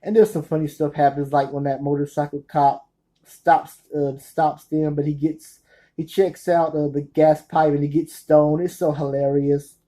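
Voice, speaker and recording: A man with a mellow, darkish voice chats about his film collection. His talk is nervous and meandering, full of restarts and quick corrections as he searches for the right word. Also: a little high, level tone, poor audio. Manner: nervous, rambling, often correcting himself. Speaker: movie collector reviewing his films. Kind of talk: casual spoken review.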